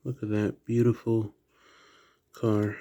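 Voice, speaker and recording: A man with a slight Southern accent, chatting quietly through a toy unboxing at home late at night, keeping his voice down. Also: fairly low pitch, completely flat delivery, takes it slowly. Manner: soft, hushed indoor voice. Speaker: toy collector vlogger. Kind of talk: casual unboxing chat.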